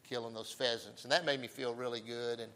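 Older man, mid pitch, bright tone; folksy storytelling preacher, peppers with "amen.". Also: fairly even intonation, brisk, rough recording. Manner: folksy, chatty, frequent amens.

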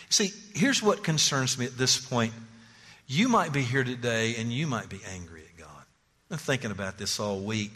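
A man preaching a sermon as pastor, pleading and emphatic, often repeating words as he presses a point. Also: mid-range voice. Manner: animated, pleading, emphatic repetitions. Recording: long church-hall reverb.

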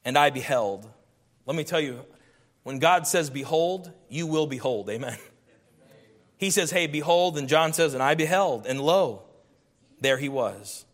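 A man's voice: fairly high pitch, lively intonation, unhurried, pauses often. A man preaching a sermon, reading scripture aloud and building emphatic lists of repeated phrases. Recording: long hall reverb.

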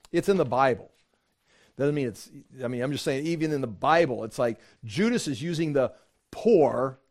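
A man teaching a Bible passage in a casual, rambling sermon, full of asides and everyday comparisons. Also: fairly high pitch. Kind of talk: conversational Bible study sermon.

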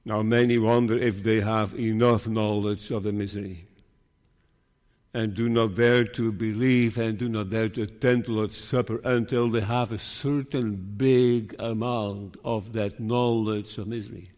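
A man delivers a sermon at an unhurried, deliberate pace, with earnest emphasis. He sometimes slips into the anxious voice of a doubting believer. His voice rings with the long reverb of a large hall. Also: lowish voice, steady tone, a little mellow. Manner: slow, earnest, acts out worried believers' voices. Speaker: preacher.

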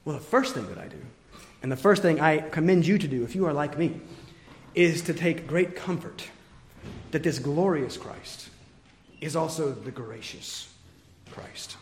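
A man preaching an expository sermon with emphatic points that swing from forceful to quiet. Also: on the high side, lively intonation, a little slow, long pauses, a little hiss or hum. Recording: echoey hall with long reverb.

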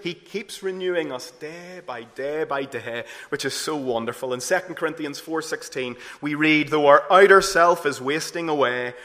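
A man preaching a sermon earnestly, rising to emphatic peaks and then dropping low and soft. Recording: long hall reverb.

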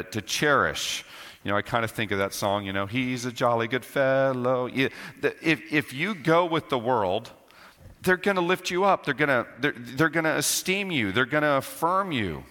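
Emphatic preacher, bright voice in a hall. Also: male voice. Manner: emphatic, repeats key phrases, swings between loud and low. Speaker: pastor. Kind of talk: sermon. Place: church sanctuary. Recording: long church hall reverb.

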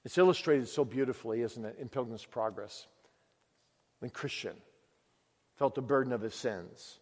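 A male preacher giving a sermon with emphatic questions and dramatic pauses. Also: mid-range voice, breathy edge. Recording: long echo of a large hall.

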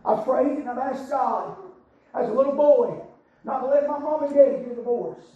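A man preaching a sermon, swinging between shouted cries and hushed, low passages. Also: moderate pace. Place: church sanctuary. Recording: echoey church sound from far off, dull.

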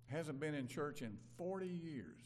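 An older man from Mississippi, preaching a conversational sermon that moves from loud emphasis to quiet asides. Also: on the high side, lively intonation, measured pace, slight background noise. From Mississippi, USA. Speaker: pastor.

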